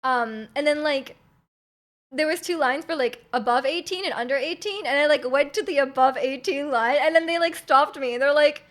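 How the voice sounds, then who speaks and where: High-voiced rambling young Canadian woman. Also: moderate pace. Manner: rambling, many likes and ums, giggly. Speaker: streamer. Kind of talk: casual chat.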